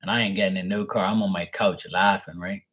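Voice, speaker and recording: A man's voice: deep voice, steady tone, fast talker, fairly bright tone, husky. A man, a show host telling a story in a blunt, profane and amused way. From Bermuda. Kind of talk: casual storytelling.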